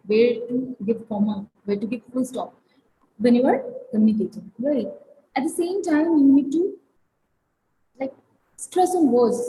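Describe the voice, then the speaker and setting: Trainer, female, halting webinar delivery with a mellow, fairly high voice over a faint hiss. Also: poor audio. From India. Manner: halting, many fillers and restarts. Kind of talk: online lecture.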